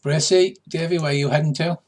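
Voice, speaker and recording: A man narrating as game master for a casual tabletop game among friends, in a relaxed, loose way. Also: a little high, fast talker. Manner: relaxed, slips into gruff pirate voices.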